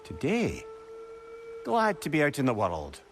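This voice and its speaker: A chatty, playful talking head. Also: male voice, a little high, wildly swooping pitch, measured pace, full character voice. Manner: playful, teasing, fond of riddles and puns. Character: witty, chatty male talking severed head. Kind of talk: video game voice acting. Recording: game audio with music behind.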